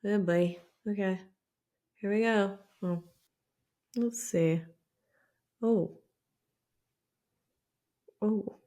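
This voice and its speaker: A woman's voice: mid-range voice, very slow, long pauses, dark tone. A woman beauty vlogger chatting casually to camera while she applies makeup, self-deprecating and talkative. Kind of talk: casual makeup tutorial chat. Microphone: camera mic with mirror some distance off.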